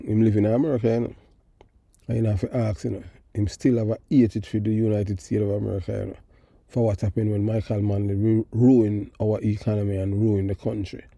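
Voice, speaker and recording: A man's voice: fairly low pitch, fairly even intonation, a little fast, vocal fry, dark tone, dry recording, clean studio sound. A middle-aged man with a Jamaican accent hosting a call-in show, giving emphatic, rambling political commentary and moving between patois and standard English. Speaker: host of a call-in talk show.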